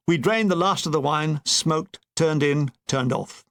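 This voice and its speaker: Older man, memoir narration, dry comic delivery, high-pitched voice. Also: unhurried, few pauses, a bit bright. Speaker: author narrating his own war memoir. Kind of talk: audiobook narration.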